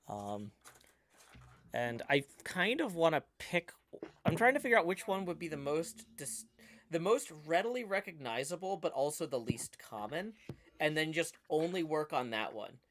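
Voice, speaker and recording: A man's voice: medium pitch, a bit bright, slight background noise. A man hosting a casual livestream, rambling and restarting his sentences as he chats. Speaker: streamer host.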